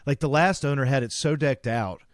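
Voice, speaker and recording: A man's voice: mid-range voice, normal speed, no room sound, studio quality. A man co-hosting a podcast, telling a long story in casual chat and acting out both sides of the conversation. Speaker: podcast co-host.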